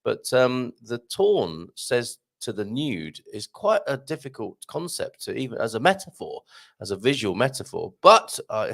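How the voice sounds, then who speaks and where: A man's voice: medium pitch, creaky. A man hosting a casual live stream, reading out viewer comments with playful, self-deprecating asides. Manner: chatty and jokey, with self-deprecating asides and quick laughs. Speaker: host of a live show.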